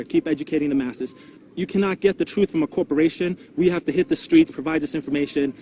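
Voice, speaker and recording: A man with a fairly high, warm voice speaks earnestly in a documentary interview, urging people to act. He is recorded outdoors in a city, with faint street noise behind him. His delivery is rallying and sincere. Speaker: street activist and father.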